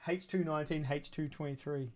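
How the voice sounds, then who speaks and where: Male streamer, 30s, slightly high pitch, loose and crude, laughs a lot, off-the-cuff chat while building. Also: darkish tone, a little hiss or hum. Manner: rambling, crude and joking, laughs often. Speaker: streamer building a toy kit. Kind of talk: casual livestream chat.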